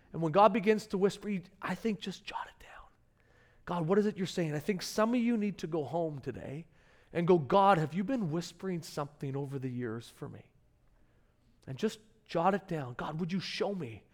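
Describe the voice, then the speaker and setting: A middle-aged man preaches to his congregation in a fairly high voice. He tells stories conversationally, with his pitch and volume jumping up when he gets animated. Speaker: pastor. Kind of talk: sermon.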